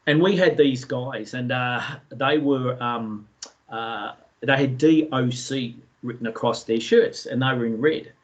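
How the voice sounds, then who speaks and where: An Australian man telling a story in a relaxed way, with many fillers, as a guest speaker in an online session. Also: mid-range voice, measured pace, highs cut off. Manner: chatty, anecdotal, many fillers.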